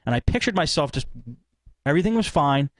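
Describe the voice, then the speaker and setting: Male podcast host, animated anecdote teller, fast delivery, dry mic. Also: on the high side, no echo. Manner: rambling, animated retelling with acted-out quotes. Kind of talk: casual storytelling.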